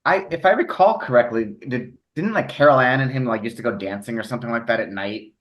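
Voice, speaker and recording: A man's voice: medium pitch, fast talker, highs cut off. A man on a music podcast in casual chat, blunt and opinionated.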